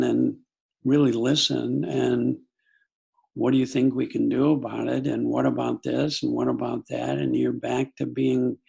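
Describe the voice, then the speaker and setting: A husky, gravelly older man speaks as a psychologist guest in a podcast conversation. He reflects on family life through anecdotes, often stopping to restart a thought. The delivery is thoughtful and unhurried. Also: medium pitch, a little mellow.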